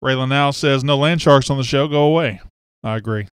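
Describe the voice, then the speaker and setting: Speaking through a webcam on his live stream, a Mississippi man hosts a laid-back sports show, talking and reading viewer comments. His mid-range voice is smooth and fairly quick, captured dry with studio quality.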